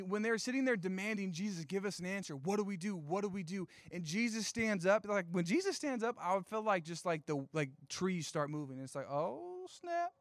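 A young man preaching a sermon, telling a story with animated, playful asides and casual slang. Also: high voice, dry recording, studio quality. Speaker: youth pastor.

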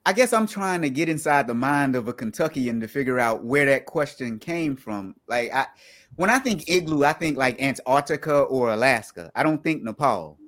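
A man from the American South with a Southern accent, hosting a podcast in a playful, teasing way with quick restarts. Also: medium pitch, lively intonation, a bit bright. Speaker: podcast host. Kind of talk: casual interview chat.

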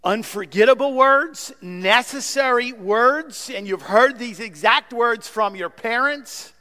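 High bright preacher in a reverberant hall. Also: male voice, slow. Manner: emphatic preaching with repetitions and swings from loud to soft. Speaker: pastor. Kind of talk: sermon. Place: church sanctuary.

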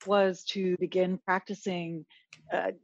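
Woman guest, coach type, earnest, restarts a lot; low-ish voice, dry dull recording. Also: flat delivery, slow, no room sound. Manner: earnest, reflective, frequent restarts. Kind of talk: casual interview chat.

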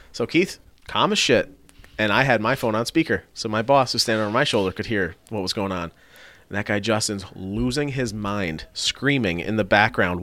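A man telling a story in a casual podcast chat, swearing freely and acting out what other people said. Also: on the low side. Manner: animated storytelling, swearing, acting out quoted voices. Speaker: body shop worker telling a story.

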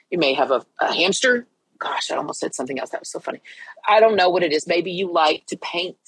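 Heartfelt and earnest, a middle-aged podcast host talks about her faith, stumbling and starting over as she goes. Her deep voice is husky and slightly breathy, like she's been crying. The audio is low quality, dry and close, with no sense of room.

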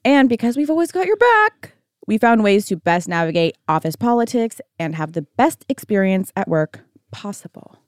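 Lively young woman co-host. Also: moderate pace, no room sound, clean studio sound. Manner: expressive storytelling with big pitch swings, giggly. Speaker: podcast co-host. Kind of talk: casual chat.

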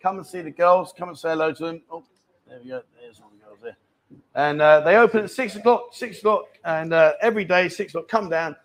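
Male live-stream host, chatty joker, slightly higher voice, bar setting. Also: brisk. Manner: chatty and jokey, reads out viewer questions. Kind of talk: casual live-stream chat. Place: indoor bar.

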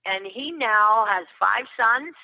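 An older woman guest on a podcast, telling earnest stories with warm laughs. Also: on the high side, animated, slow, no echo. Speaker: guest therapist. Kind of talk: casual podcast interview. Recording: tinny phone line.

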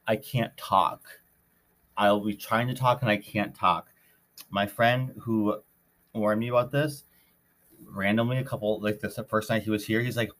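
A young man from Minnesota, a podcast host, telling a story in a rambling, animated way with many fillers. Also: on the low side. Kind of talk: casual storytelling.

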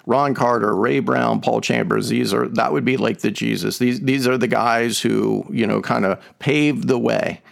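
This Bible podcast co-host teaches scripture in a medium-pitched voice with vocal fry, at normal speed and with hardly any pauses. His delivery is conversational and emphatic, packed with fillers and musical analogies.

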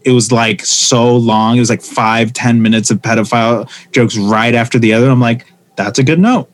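A man, a stand-up comedian, talking casually and telling animated stories, acting out the voices of the people he quotes. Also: medium pitch, normal speed. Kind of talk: casual conversation.

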